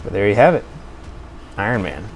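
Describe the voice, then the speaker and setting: A man casually reviewing toy cars for a video, chatty and enthusiastic, thinking out loud as he goes. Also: lowish voice, sing-song, moderate pace, slight background noise.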